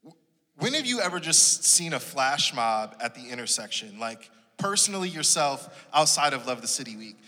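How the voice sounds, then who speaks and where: A man's voice: mid-range voice, sing-song, moderate pace, bright, forceful tone, in a large hall. A man chatting casually on a church podcast, joking and easygoing.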